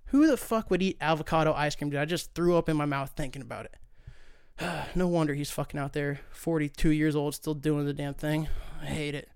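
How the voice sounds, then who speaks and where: High-voiced man ranting on a podcast. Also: a little fast, creaky, darkish tone, smooth, no echo, studio quality. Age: young adult. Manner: profane, ranting, sarcastic. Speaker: podcast host. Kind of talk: solo podcast rant.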